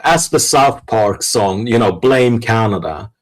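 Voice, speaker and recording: A man talking casually on a podcast panel, blunt and profane, telling jokes in quick bursts. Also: fairly low pitch, lively intonation, rough recording.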